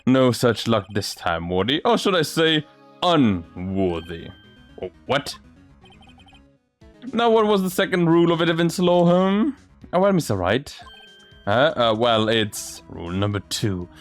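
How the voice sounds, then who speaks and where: A man reads a courtroom game aloud, a little slowly and in a sing-song, medium-pitched voice, doing all the characters' voices alone. He trips over words at times, and faint music sits behind the recording.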